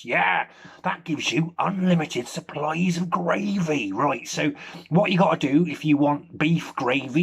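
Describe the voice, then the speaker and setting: A man giving a rambling, hesitant comic monologue, deadpan and full of ums. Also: a little high, a little slow, creaky, slightly rough. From Nottingham, England. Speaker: comedy character monologue.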